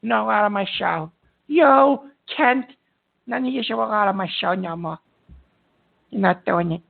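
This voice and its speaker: A high-pitched, gravelly man speaks over a tinny phone line. He is hosting a call-in show from a hospital room while in pain. He rambles through fillers, swears, and turns irritable fast. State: in pain from a back injury. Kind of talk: call-in radio talk.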